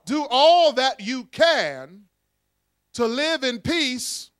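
A man's voice: extremely high pitch, very slow, smooth, no echo, studio quality. A man preaching a sermon, calling on the congregation to repeat after him and telling stories with laughs. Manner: call-and-response preaching, animated storytelling with laughs. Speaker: pastor.

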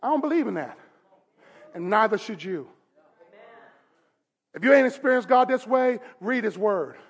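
High-voiced male pastor, emphatic preaching. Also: expressive, normal speed, slightly rough. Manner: emphatic, rises to shouting, call-and-response. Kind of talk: sermon. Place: church service.

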